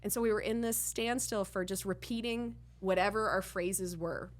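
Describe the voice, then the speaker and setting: A woman podcast host from Miami telling a candid anecdote, rambling and animated, full of "like" and restarts, blunt and profane. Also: medium pitch, normal speed. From Miami, Florida.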